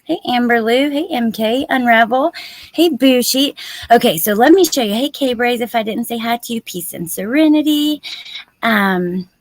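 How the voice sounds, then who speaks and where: A woman's voice: a little high, normal speed, dry recording. Upbeat, chatty woman livestream host. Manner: chatty, upbeat, greets viewers by name. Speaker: true-crime YouTube livestream host. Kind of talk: casual livestream chat.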